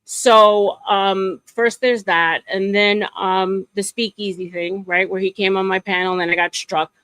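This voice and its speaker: A woman's voice: mid-range voice, unhurried, clear, resonant tone, no room sound, low-quality recording. Woman rambling through a drama story, lots of likes and ums, dead dry mic. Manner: animated storytelling with many fillers. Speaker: streamer guest. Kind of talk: casual chat.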